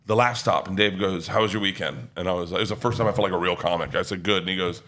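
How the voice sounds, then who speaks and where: A comedian telling rowdy stories in a casual podcast chat, loud and laughing as he goes. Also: deep voice, fast talker. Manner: loud, laughing, animated storyteller. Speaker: comedian guest.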